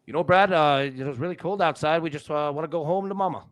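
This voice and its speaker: A man's voice: on the high side, fast, natural voice. A man putting on a hesitant, folksy mock Canadian voice as a homesick young guy.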